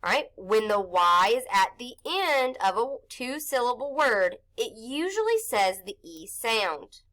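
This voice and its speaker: A woman's voice: on the high side, big pitch swings, a little slow, a bit bright. A woman teaching an early-grade phonics lesson, patiently sounding out letters and syllables for young children.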